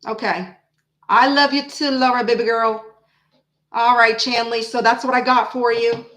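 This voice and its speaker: A brash, chatty woman reads tarot live and swears freely. Her voice sits fairly high. It rings in an echoey room. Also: steady tone, moderate pace, fairly bright tone. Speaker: tarot reader. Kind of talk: live-stream tarot reading with chat.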